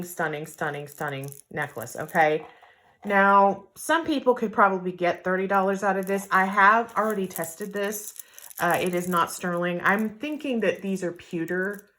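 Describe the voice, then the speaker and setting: Casting note: middle-aged woman, lowish voice, chatty and candid jewelry reseller, casual unboxing vlog. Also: a bit bright. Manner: chatty and candid, with fillers and asides.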